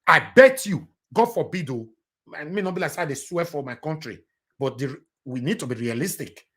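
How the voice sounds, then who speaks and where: A man's voice: a little high, animated, normal speed, fairly bright tone, slightly rough. A man with a Nigerian accent hosting a casual political livestream with callers, impassioned and pleading, mixing in Pidgin English. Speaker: livestream political show host.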